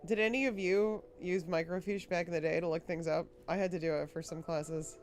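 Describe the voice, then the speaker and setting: Woman streamer from Rhode Island, chatty, giggly, rambling, lowish voice, soft game music behind. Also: steady tone, brisk. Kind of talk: casual livestream chat.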